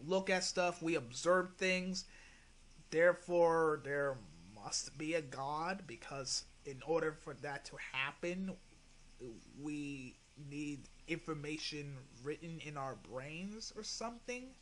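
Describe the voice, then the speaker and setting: A man's voice: a little high, slow, fairly bright tone. A man hosting his own channel, rebutting another video in an exasperated, sighing way with some swearing. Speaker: channel host responding to a video. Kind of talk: casual commentary rebuttal.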